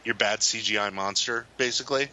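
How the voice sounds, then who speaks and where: A man's voice: fairly low pitch, brisk, pushed and bright, dull audio, slight background noise. A man co-hosting a podcast in casual chat, rambling and hesitant with a lot of fillers. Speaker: podcast co-host.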